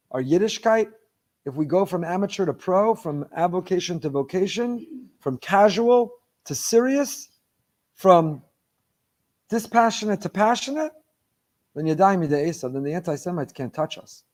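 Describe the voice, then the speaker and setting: Impassioned high-voiced rabbi preaching. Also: male voice, animated, a little slow. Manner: impassioned, rising to near-shouted emphasis; quotes Hebrew verses in a chanting study cadence. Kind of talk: sermon.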